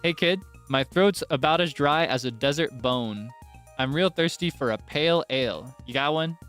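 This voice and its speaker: A man reading the lines of a gruff, thirsty middle-aged woman villager in a slow drawl. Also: on the high side, fairly bright tone, faint music behind, natural voice.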